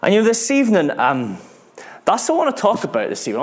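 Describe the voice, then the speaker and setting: A British man preaching a sermon, retelling a story with earnest feeling, often repeating words and dropping to a hush at tense moments. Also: fairly high pitch, wildly swooping pitch, fairly quick. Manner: earnest, repeats words, drops to hushed tones at dramatic moments.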